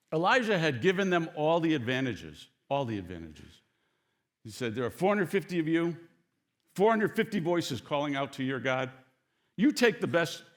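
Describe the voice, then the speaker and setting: A man delivering a sermon with a lively, swooping delivery that climbs high when he acts out the characters. He tells the story in a chatty way and stops now and then to speak straight to the congregation. His voice sits a little above the usual pitch for a man. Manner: animated storytelling, acts out quoted lines; conversational asides to the congregation. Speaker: pastor.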